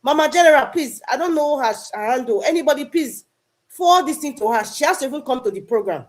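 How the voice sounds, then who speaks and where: A woman's voice: sits high, expressive, fast. A woman speaking earnestly in a live online audio discussion, often repeating herself and calling out to people by name. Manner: earnest, repetitive, addresses people directly. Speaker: online political discussion participant.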